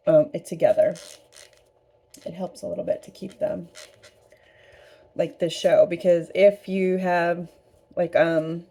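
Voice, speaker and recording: A woman's voice: lowish voice, warm tone. A woman hosting a casual craft painting tutorial, chatty and upbeat as she works. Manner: chatty, upbeat, talks while eating. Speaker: craft studio host.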